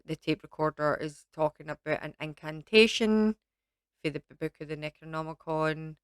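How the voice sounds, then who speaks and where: A Scottish woman chats her way through a film review, wandering off on tangents and filling gaps with ums. Her voice sits low and comes across smooth and clean. The sound is dry and close, with no room around it. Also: no echo. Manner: rambling, lots of ums and asides. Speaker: vlogger reviewing films. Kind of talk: casual chatty film review.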